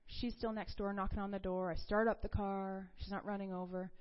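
A woman's voice: mid-range voice, little pitch movement, a little fast, lo-fi sound. A woman giving a conversational sermon, telling a personal testimony in a chatty storytelling way and laughing often.

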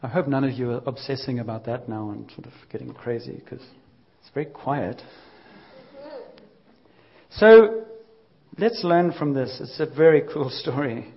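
A man's voice: medium pitch, unhurried, creaky, slightly rough, highs cut off. A man preaching a sermon, telling a Bible story in a conversational way and acting out the quotes.

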